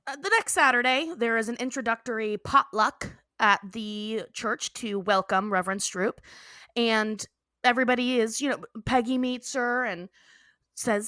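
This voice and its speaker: A woman's voice: fairly high pitch, fairly even intonation, moderate pace, pushed and bright, no room sound, clean studio sound. A young adult woman co-hosting a podcast, casually recapping a cartoon episode, laughing often and acting out the characters' lines. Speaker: podcast co-host.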